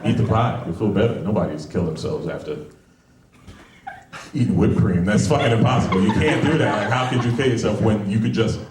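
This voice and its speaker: A man's voice: lowish voice, brisk, a crowd in the background. A stand-up comedian in his forties from Brooklyn, talking in a profane, conversational way with lots of rhetorical asides. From Brooklyn, New York. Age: 40s. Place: comedy club with a live audience. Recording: echoey room, far mic, audience laughter.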